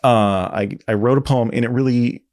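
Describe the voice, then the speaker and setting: A man's voice: medium pitch, fairly even intonation, fairly quick, warm tone. A man being interviewed as a guest designer, talking in a rambling way and often correcting himself as he tells a story. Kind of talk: casual interview.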